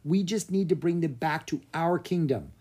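A narrator voicing a quick-thinking young girl adventurer in a children's storybook, brisk and confident. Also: mid-range voice, lively intonation, dark tone, slightly rough, pitched above the performer's own voice.

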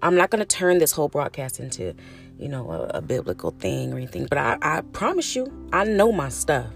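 Over faint music, a middle-aged podcast host from California speaks in a deep, gravelly voice that swings widely in pitch at a fairly quick pace. Alone at the mic, she's frank and chatty, cusses without hesitation, and addresses listeners as honey and baby.

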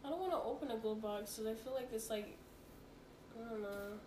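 A young woman co-hosting a casual podcast, answering quiz questions bluntly with lots of swearing and quick comebacks. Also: fairly high pitch, a little mellow, a little hiss or hum. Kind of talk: casual chat.

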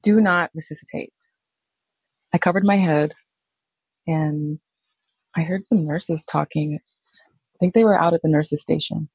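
Woman, gravelly husky voice, dry close sound, halting personal storytelling. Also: low-pitched, a little mellow, no echo, low-quality recording. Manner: slow, halting, reflective. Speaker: nurse telling her own story.

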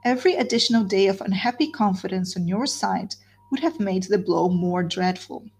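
A woman's voice: medium pitch, moderate pace, breathy edge. A woman reading a novel aloud, voicing a composed young woman who urges her sister earnestly and solemnly. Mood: urging. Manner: earnest, urging, steady.

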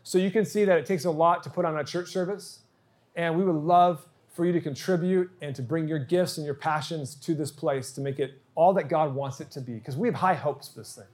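A man's voice: fairly high pitch, a little fast, a little mellow. Earnest man pastor preaching. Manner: earnest, acts out quoted dialogue. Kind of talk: sermon storytelling.

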